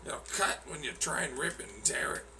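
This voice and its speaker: A man's voice: fairly high pitch, animated, fast talker, background noise. A man chatting casually and rambling while cooking in a kitchen, swearing freely and joking. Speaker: streamer. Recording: distant mic with sizzling frying.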